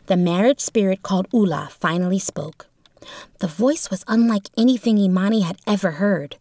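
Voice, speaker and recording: A woman's voice: mid-range voice, moderate pace, dark tone, no room sound. Woman narrating a story, dry close sound. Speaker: audiobook narrator.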